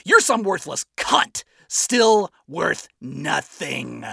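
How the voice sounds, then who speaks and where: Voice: mid-range voice, expressive, moderate pace, vocal fry, breathy edge, no echo, clean studio sound, voice pushed up, exaggerated voice. A narrator voicing an arrogant, crude male rock star in a fan story reading. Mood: contemptuous. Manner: crude, boastful, shouting. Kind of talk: amateur audiobook reading.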